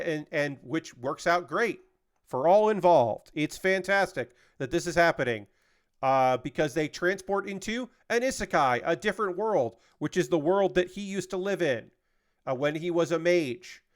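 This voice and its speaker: Chatty man streaming a model build. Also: a little high. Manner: rambling, chatty, talks while working with his hands. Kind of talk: casual chat on a livestream.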